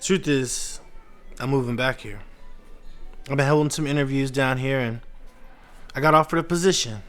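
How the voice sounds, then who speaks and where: An actor playing a defensive, dismissive ex-husband. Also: male voice, mid-range voice, moderate pace, fairly bright tone, clean tone, faint music behind, lightly acted. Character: defensive ex-husband moving back, man, 30s.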